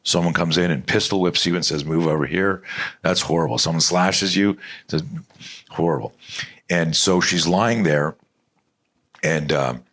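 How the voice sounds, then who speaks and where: Very deep husky man telling a story. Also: measured pace, pauses often. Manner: animated, blunt storyteller who swears freely. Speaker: podcast guest, self-defense instructor. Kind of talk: storytelling in a conversational interview.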